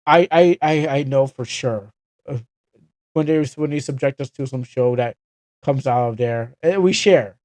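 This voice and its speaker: A young Canadian man streams a game and chats casually, rambling, correcting himself, and tossing in chuckling asides. His voice is medium in pitch with a darkish tone, a little slow, and the recording is dry.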